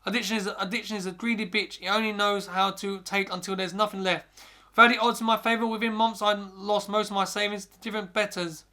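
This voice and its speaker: A man's voice: high-pitched, little pitch movement, fast, bright, forceful tone. A man hosting a podcast, reading a scary story aloud in the first person, often stumbling and restarting words. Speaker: podcast host.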